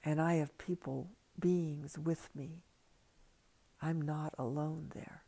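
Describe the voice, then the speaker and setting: An older woman giving a slow, reflective livestream talk as a spiritual teacher, speaking softly and slipping into whispers. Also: sits low, steady tone, vocal fry. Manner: soft and hushed, slipping into whispers. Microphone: livestream computer mic.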